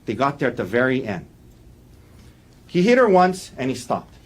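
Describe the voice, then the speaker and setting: A man giving a defense opening statement in a courtroom, walking the jury through events in an earnest, halting way with frequent restarts. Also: mid-range voice, sing-song, husky. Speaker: defense attorney.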